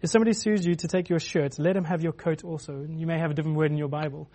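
Guy giving a sermon, kinda high voice, lots of restarts and ums. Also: steady tone, rapid-fire, dark tone. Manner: many restarts and filler words, acts out quoted voices. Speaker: preacher.

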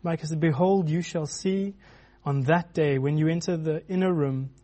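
A man's voice: fairly high pitch, normal speed, mellow. A man preaching a sermon in a loose, conversational way, with many restarts and filler words.

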